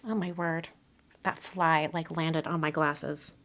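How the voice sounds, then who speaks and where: In her home craft room, a woman runs a live card-making demo, chatting casually and slipping into soft murmurs as she works. Her voice is low and steady, and she takes her time.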